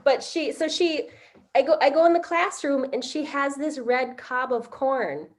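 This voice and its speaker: A middle-aged woman telling a personal story in a halting way, with many fillers and restarts. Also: sits high. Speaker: interviewee. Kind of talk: casual storytelling.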